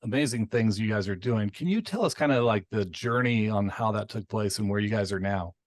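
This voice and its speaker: A man's voice: fairly low pitch, fairly quick, no echo. A man hosting an interview, asking questions in an encouraging, conversational way. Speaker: interview host.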